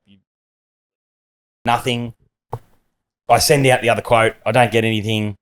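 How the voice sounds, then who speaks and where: A man's voice: mid-range voice, level tone, a little slow, pauses often. Man telling rambling stories. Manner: rambling anecdotes, acts out quoted people. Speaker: podcast host. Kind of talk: casual storytelling chat.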